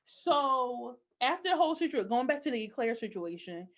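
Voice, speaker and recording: A young adult woman co-hosting a podcast, chatting casually and giving opinionated, animated recaps full of "like". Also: on the high side, normal speed, a little hiss or hum. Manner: animated, opinionated storytelling with frequent "like". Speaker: podcast co-host. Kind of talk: casual chat recapping a TV episode.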